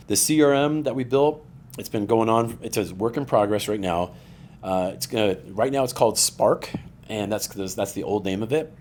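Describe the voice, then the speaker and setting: A man's voice: fairly low pitch, normal speed, a little hiss or hum. A man guesting on a podcast, chatting casually and acting out quotes as he tells stories. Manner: animated storyteller, acts out quoted voices. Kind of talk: casual chat.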